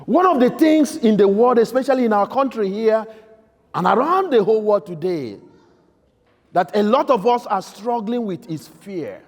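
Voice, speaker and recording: A male priest delivering a homily with a high, lively voice that leaps between bursts of shouting and near-whispered lines. His tone is husky with a gravelly edge. The sound rings with the long echo of a church. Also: moderate pace. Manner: emphatic, swinging between loud outbursts and soft quiet lines. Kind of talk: sermon. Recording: echoey church hall.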